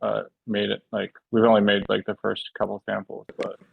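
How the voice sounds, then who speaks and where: Gravelly, husky man in laid-back chat. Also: fairly low pitch, completely flat delivery, dry recording, phone-quality sound. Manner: halting, filler-heavy, laid-back. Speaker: podcast guest, shoe designer. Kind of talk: casual chat.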